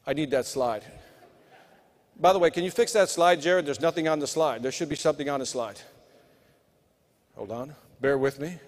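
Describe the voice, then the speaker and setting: Speaking at a moderate pace with long pauses, a middle-aged man on the higher side of pitch delivers a live sales keynote. He addresses the conference crowd directly in a punchy, motivational style, and the large hall adds long reverb.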